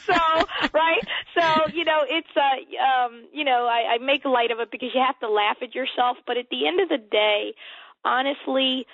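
An American woman in her forties speaks with earnest emphasis, her slightly high voice squeezed through a tinny phone-like line. The sound is dry, with no room around it. She circles back and repeats words as she works out her thoughts. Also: normal speed, no echo. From United States. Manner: earnest, emphatic, repeats herself while thinking. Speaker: guest author. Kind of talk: faith-based interview conversation.

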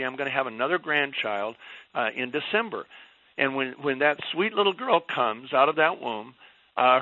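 Older man, preaching, emphatic, forceful tone, slightly high voice, dull radio sound. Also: no echo. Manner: fervent, emphatic, rising and falling for effect. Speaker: Christian guest speaker. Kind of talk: impassioned preaching on a radio talk show.

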